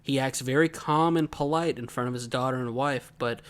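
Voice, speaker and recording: A man co-hosts a relaxed podcast, spinning stories with lots of energy. His voice sits at an ordinary middle pitch, and he breaks into laughter as he talks. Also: a little fast, clear, resonant tone. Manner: animated storyteller, laughs mid-story. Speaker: podcast co-host. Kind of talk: casual chat.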